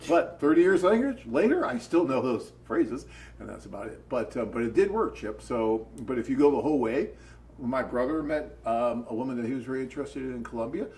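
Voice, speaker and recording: An American man co-hosting a live dating-agency Q&A, telling stories in an animated, chatty way. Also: medium pitch, a little fast, rough recording. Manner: animated storyteller, chatty and upbeat. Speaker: co-host of a dating agency webcast. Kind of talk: casual live Q&A chat.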